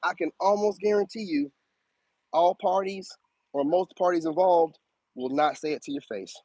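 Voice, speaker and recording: Casting: animated male streamer, preachy, highish voice, close dry mic. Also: normal speed, no room sound, low-quality recording. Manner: animated, preachy, swoops up high for emphasis. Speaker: spiritual advice streamer. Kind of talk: casual live-stream monologue.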